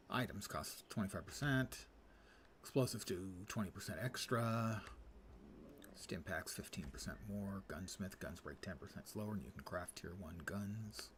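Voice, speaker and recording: A man's voice: on the low side, slight background noise. A man in his seventies streaming a game, making dry, sarcastic asides and reading menus aloud. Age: 70s. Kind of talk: casual gameplay commentary.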